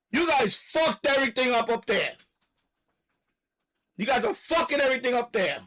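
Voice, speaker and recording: A man hosting a live stream, delivering a loud, profane, repetitive rant and stopping now and then to catch his breath. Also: extremely high pitch, expressive, normal speed, rough recording. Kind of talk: ranting live stream monologue.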